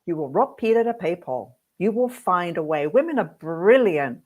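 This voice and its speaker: A middle-aged woman teaching hairdressers in a webinar, telling stories with lively, acted-out reactions. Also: fairly low pitch, normal speed, muffled recording. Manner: lively, animated storyteller who acts out her own reactions. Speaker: hairdressing educator hosting a webinar. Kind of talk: webinar talk with storytelling.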